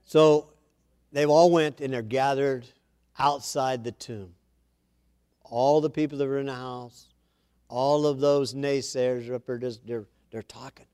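A man's voice: mid-range voice, fairly even intonation, unhurried, a little mellow, clear, resonant tone, no room sound, clean studio sound. A man preaching an informal Bible-study sermon, reading scripture aloud and then commenting in a chatty way with asides.

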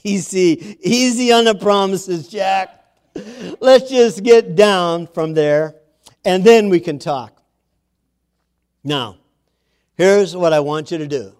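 Man playing God, calm, patient, reassuring, unhurried, gentle. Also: high voice, clean tone.

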